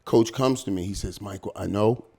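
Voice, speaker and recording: A middle-aged man, a former pro football player, telling stories as an interview guest in casual, animated talk, often repeating words and dropping in "man" and "dog". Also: lowish voice, moderate pace, slightly rough.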